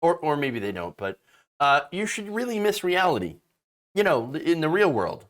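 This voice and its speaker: A man's voice: fairly high pitch, very animated, normal speed, a bit bright. A man hosting casual political commentary, sarcastic and mocking, often restarting and stammering mid-sentence.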